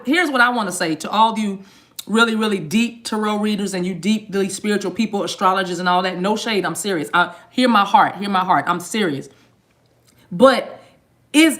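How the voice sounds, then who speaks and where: A woman with a mid-range, slightly bright voice hosts a tarot live stream, bantering playfully with viewers in slang. She jokes and laughs a lot, all while eating a mint.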